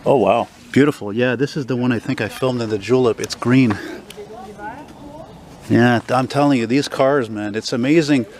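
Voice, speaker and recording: A man's voice: medium pitch, fairly even intonation, moderate pace, long pauses, a little mellow, a little hiss or hum. A man in his forties from Montreal talks about an old car to camera on a city street, rambling enthusiastically with lots of fillers. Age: 40s. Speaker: classic car vlogger. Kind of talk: casual rambling talk to camera.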